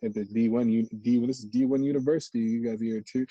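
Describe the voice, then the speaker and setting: An American man in his thirties, a podcast guest, telling stories in slangy, animated casual chat. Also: medium pitch, fast, no room sound, dull audio. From United States. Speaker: podcast guest, former college football player.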